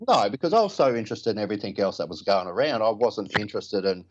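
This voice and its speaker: A man's voice: on the low side, lively intonation, fast, highs cut off, slight background noise. A middle-aged man telling rambling, blokey stories as an interview guest, swearing casually. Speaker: prop builder guest.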